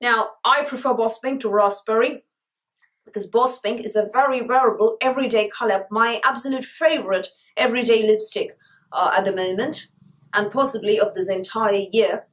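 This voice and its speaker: A woman's voice: fairly high pitch, fairly even intonation, normal speed, low-quality recording. Woman with a sore throat reviewing lipsticks. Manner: chatty, enthusiastic, repeats words for emphasis. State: sore throat, sucking a lozenge. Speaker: beauty vlogger. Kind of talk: casual product review.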